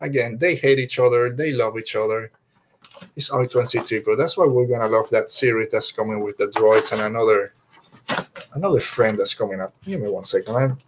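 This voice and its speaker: A man co-hosting a podcast, talking casually and enthusiastically, rambling and slipping into quick impressions of characters. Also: fairly low pitch, a little hiss or hum. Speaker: podcast co-host. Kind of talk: casual fan review chat.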